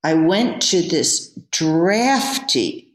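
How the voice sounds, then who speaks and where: A woman's voice: lowish voice, very animated, extremely slow. A woman, a yoga teacher, telling a candid personal story as an interview guest. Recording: roomy echo.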